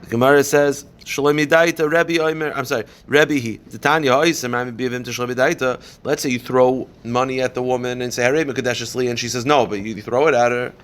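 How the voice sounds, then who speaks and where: A man's voice: mid-range voice, steady tone, fairly bright tone. Male rabbi in a mid-range voice who leads a Talmud class, walks through each point and keeps asking and answering his own questions. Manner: explains step by step, poses and answers questions; reads Aramaic passages quickly, then translates.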